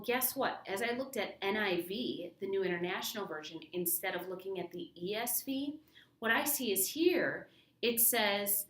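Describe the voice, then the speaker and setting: A woman with a medium-pitched, fairly bright voice leads a casual Bible study, working through a verse and stressing single words for emphasis. The recording sounds roomy and distant.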